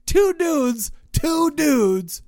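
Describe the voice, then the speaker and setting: A middle-aged man co-hosting a podcast in casual chat, rambling and excitable, often restarting his sentences. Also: extremely high pitch, drawn-out words, no echo, studio quality. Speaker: podcast co-host.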